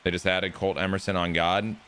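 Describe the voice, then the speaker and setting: A man's voice: low voice, little pitch movement, a little fast, pushed and bright, faint music behind. A man streaming live, chatting loosely with his chat and swearing casually.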